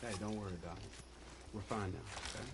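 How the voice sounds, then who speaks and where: A man's voice: on the low side, fairly even intonation, quick pace, close to an everyday voice. An actor playing a wary young man in a video game who leads the way and reassures others urgently. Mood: earnest. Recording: game audio under background noise.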